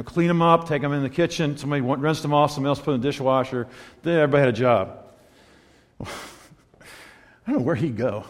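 A man preaching in a church sanctuary, his slightly high voice ringing out with a long hall reverb. He tells his story with wide swings, pressing hard on key points and then dropping to a hushed, near-whispered hush. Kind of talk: sermon.

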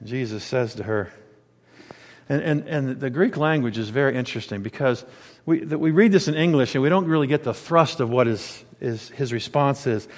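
A man preaching a sermon in a conversational, animated way, sometimes stopping to search for words. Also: medium pitch, normal speed. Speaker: pastor. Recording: long reverb of a large hall.

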